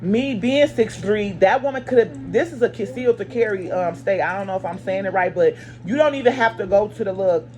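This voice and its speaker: Animated woman telling a profane story. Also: mid-range voice, fairly quick, few pauses, slight background noise. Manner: animated, emphatic, profane, addresses viewers as y'all. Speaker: storytime vlogger. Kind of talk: casual storytelling to viewers.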